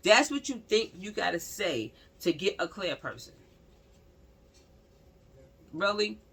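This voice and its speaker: A woman's voice: medium pitch, slow pace, husky. Blunt, slangy woman vlogger. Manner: blunt, slangy, repeats phrases for emphasis; talks straight to viewers, animated. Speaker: true-crime commentary vlogger. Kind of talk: casual spoken commentary.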